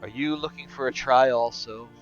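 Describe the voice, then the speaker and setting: Guy doing a bored half-orc lady, flat and sighing, kinda muffled audio. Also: mid-range voice, moderate pace, soft background music, lightly acted. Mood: weary. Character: weary, strong female half-orc arm-wrestler.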